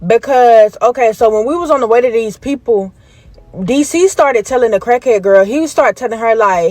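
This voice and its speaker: A woman's voice: a little high, normal speed, a little mellow, no echo. A woman telling a story time, animatedly retelling events and acting out the voices of the people in it.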